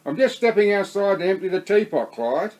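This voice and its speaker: A man with an Australian accent voicing a gruff, nervous bloke who shouts and swears. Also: high-pitched, lively intonation, fairly quick, pitched above the performer's own voice, poor audio. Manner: loud, rough-spoken, swears.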